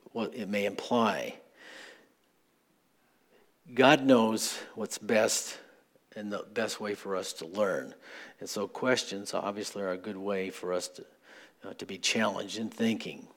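A man preaching a sermon as pastor, conversational and questioning, building to earnest appeals to the congregation. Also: fairly low pitch. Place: church sanctuary.

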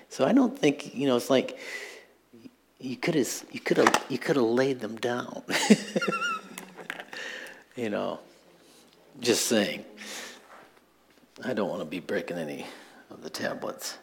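A man's voice: medium pitch, unhurried, gravelly, long pauses, slight background noise. A man preaching a sermon as pastor, in a conversational style with asides and light chuckles.

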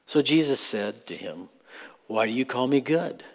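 Male pastor, mid-pitched voice, plain conversational sermon delivery that swells into earnest questions to the room. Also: animated, normal speed. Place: church sanctuary.

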